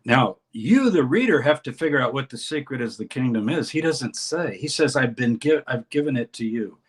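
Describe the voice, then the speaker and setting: A man explains scripture as an interview guest in an energetic teaching way. He reads passages aloud with dramatic emphasis. His pitch sits in an ordinary middle range. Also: moderate pace. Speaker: scholar and course teacher, guest.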